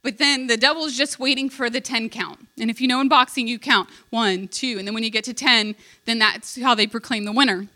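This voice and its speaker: A woman giving a sermon in a bright, forward voice pitched a touch high. She tells a story with heartfelt, earnest emotion and plain conversational asides. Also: fairly even intonation, fairly quick, hardly any pauses. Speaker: preacher.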